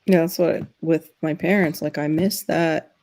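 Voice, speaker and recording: A woman's voice: low-pitched, steady tone, measured pace, a little mellow, no echo. A woman hosting a casual video-call chat show, talking about gardening and laughing often. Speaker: host.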